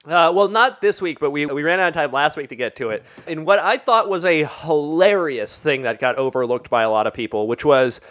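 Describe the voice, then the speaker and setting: Male podcast host, raised pitch, jokey banter. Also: lively intonation, brisk, hardly any pauses, fairly bright tone. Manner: laughs often, impersonates people mockingly.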